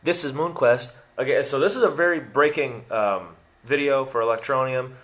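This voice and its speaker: A man's voice: mid-range voice, moderate pace, fairly bright tone. A young man hosting a casual crypto update video, rambling and correcting himself as he goes, with jokey asides and a case of the hiccups. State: has the hiccups.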